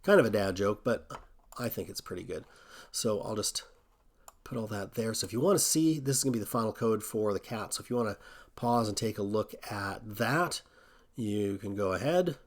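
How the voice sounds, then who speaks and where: A man hosting a coding tutorial, thinking aloud in a relaxed way as he walks through a screen recording. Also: lowish voice, moderate pace.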